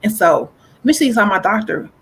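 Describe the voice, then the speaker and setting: A woman guest in a casual interview, earnestly telling a personal story with deep faith and often restarting her phrases. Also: very animated, fast, fairly bright tone, a little hiss or hum, poor audio. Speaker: guest author.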